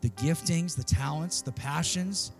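High-voiced preacher man, earnest and chatty. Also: expressive, moderate pace. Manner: conversational and earnest, acts out voices in anecdotes. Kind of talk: sermon with personal story. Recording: faint music underneath. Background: soft instrumental music.

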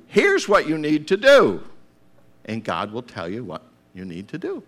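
A male preacher delivering a sermon with a bright, forceful tone. His pitch swings widely while his delivery stays slow and deliberate. He dramatizes scenes by acting out voices and breaking into shouted calls to get up. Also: huge pitch swings.

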